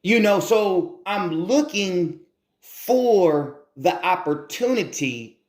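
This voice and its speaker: A man delivers an earnest motivational talk, often repeating phrases and asking rhetorical questions. His voice sits a little high. The room around him is echoey. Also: lively intonation, slow pace. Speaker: motivational speaker.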